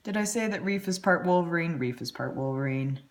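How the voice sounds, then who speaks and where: Chatty, lively woman streamer. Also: lowish voice. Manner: rambling, chatty, quick asides. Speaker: artist and live stream host. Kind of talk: casual chat while drawing. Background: faint music.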